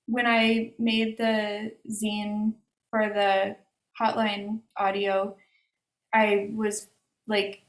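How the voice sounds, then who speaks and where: Woman, artist, hesitant casual talk, lots of fillers, roomy echoey sound, video call. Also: medium pitch. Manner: hesitant, many fillers and restarts. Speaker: artist discussing her exhibition. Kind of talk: casual conversational answers.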